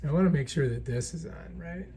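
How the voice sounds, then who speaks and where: A man's voice: a little high, a little fast, warm tone, a little hiss or hum. Chatty man demonstrating a gadget. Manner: chatty, keeps checking in with "right?". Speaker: product reviewer. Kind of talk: casual product demonstration. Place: indoor room.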